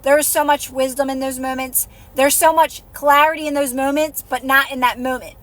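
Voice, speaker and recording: This manifestation coach hosts a live stream, her high voice at normal speed and noticeably breathless. Her casual coaching is soothing, encouraging and repetitive, and she softens her voice when guiding people to calm down.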